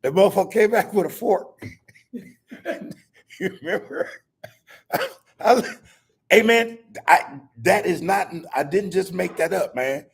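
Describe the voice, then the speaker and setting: An older man hosts a podcast in a gravelly, husky voice. He tells loose, profane stories about his family and breaks into laughter again and again. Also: high voice, a little slow, long pauses. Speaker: podcast host. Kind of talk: casual storytelling chat.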